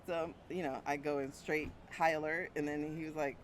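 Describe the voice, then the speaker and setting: A woman's voice: low voice, fairly even intonation, brisk. Lady in her 40s chatting to y'all outside, phone mic, faint traffic behind. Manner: chatty, laughs often, talks to viewers as y'all. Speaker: brand coach. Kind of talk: casual vlog chat. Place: outdoors by a street. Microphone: small mic plugged into a phone.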